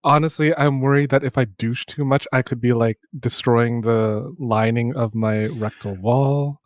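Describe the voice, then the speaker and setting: A man's voice: mid-range voice, fairly even intonation, measured pace, no echo, clean studio sound. Campy, raunchy young male podcast host.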